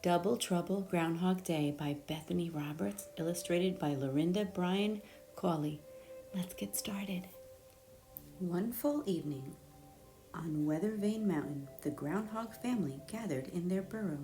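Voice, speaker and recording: Gentle woman reading a children's story. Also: lowish voice, a little slow, faint music behind. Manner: gentle, expressive, sometimes drops to a hushed whisper. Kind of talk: read-aloud storytelling for young children.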